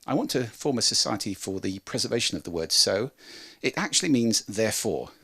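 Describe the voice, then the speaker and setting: A man presenting a talk on how to speak, demonstrating with lively changes of pitch and volume. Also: brisk, breathy edge. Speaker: speaker on voice and communication.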